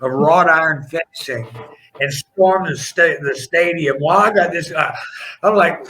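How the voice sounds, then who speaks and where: A middle-aged former wrestler tells his stories in an interview, animated and rambling, often breaking off to restart a sentence. His voice sits a little high for a man and has a bright, forceful edge. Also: normal speed, slight background noise, rough recording. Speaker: podcast guest, former pro wrestler. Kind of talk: storytelling in a casual interview.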